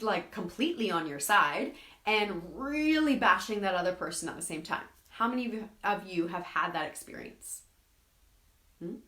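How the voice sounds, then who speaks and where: A woman hosts a live self-help stream in an animated, coaching voice. Her pitch sits mid-range and the room around her rings with echo. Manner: animated, acts out quoted friends. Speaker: host.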